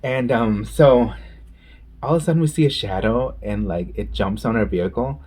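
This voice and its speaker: A man's voice: mid-range voice, normal speed, darkish tone, husky. A man chatting casually while eating on camera and telling a story, with gushing exclamations and eating sounds. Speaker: mukbang vlogger.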